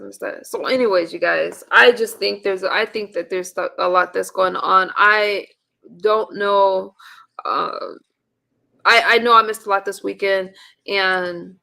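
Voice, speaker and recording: Woman host for a live chat stream; gravelly, bright tone, rambling and chatty. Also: medium pitch. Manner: chatty, rambling with many restarts. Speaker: livestream host.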